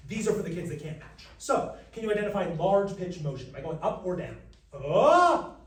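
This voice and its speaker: An American man, a vocal coach, teaching a live workshop, joking with the room and demonstrating pitches and animal sounds. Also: quick pace, darkish tone. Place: large room with an audience. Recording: roomy, distant mic, faint noise.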